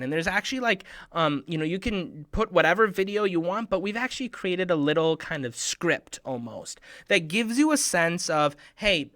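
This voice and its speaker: A man hosting a children's program, talking straight to the kids in a playful way, sometimes dropping to a hushed half-whisper. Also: no room sound, studio quality. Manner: playful, bursts into excited high shouts. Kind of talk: talk to children.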